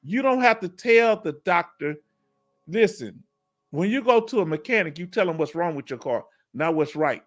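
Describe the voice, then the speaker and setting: A man from Houston with a Texas accent, hosting a casual livestream Q&A through a headset, animated and laughing often with folksy slang. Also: sits high, normal speed. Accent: Southern US, Texas. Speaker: livestream host reading chat.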